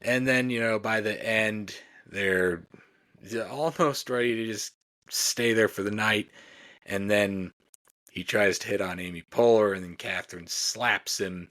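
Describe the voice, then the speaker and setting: A man's voice: lowish voice, unhurried, a bit bright. A man co-hosting a podcast, recapping comedy sketches in a rambling casual chat full of "like" and "you know". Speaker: podcast co-host.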